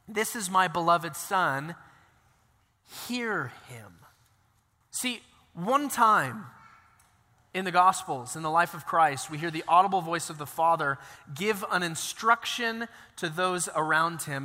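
Man, pastor, sermon, conversational storytelling, high bright voice, long hall reverb. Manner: conversational, animated storytelling with asides.

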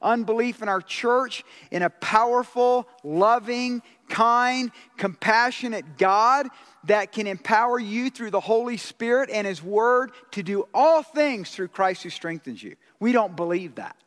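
A man preaching a sermon as pastor, impassioned and rising to loud exclamations. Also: sits high, measured pace. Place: church sanctuary. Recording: long hall reverb.

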